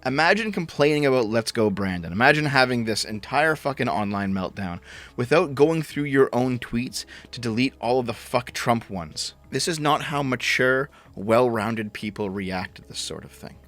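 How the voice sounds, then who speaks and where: A man's voice: medium pitch, lively intonation, normal speed, a bit bright. A man ranting as a political commentator, sarcastic and mocking, with frequent swearing.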